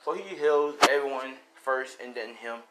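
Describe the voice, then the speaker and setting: A man's voice: mid-range voice, moderate pace, heavy background noise. Rambling casual male storyteller. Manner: rambling, casual, full of fillers. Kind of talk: improvised fan story narration.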